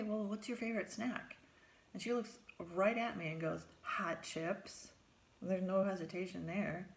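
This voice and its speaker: A middle-aged woman tells a personal story in a low voice with a gravelly edge. She speaks as a therapist recalling her work. She acts out her own lines a step higher and sinks to a hushed whisper for her private thoughts.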